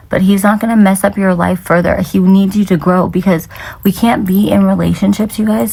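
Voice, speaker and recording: Female spiritual reader, husky, profane, rambling, emphatic, slips into whispers. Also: medium pitch, a little mellow. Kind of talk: casual spiritual pep talk.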